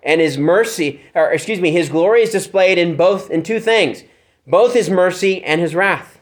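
A man preaching a sermon, his voice a little higher than most men's. He speaks earnestly and often stops to search for words, restarting his sentences and filling the gaps with fillers. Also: normal speed. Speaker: pastor. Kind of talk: expository sermon.

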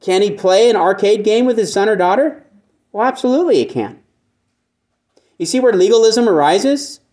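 Higher-pitched man preaching conversationally. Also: animated, normal speed, darkish tone. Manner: asks the listeners frequent rhetorical questions; repeats and restarts phrases for emphasis. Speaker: pastor. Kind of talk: conversational sermon.

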